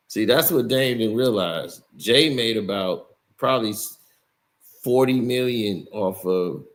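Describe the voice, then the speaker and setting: A man giving casual commentary, explaining and asking rhetorical questions. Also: lowish voice. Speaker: commentary streamer.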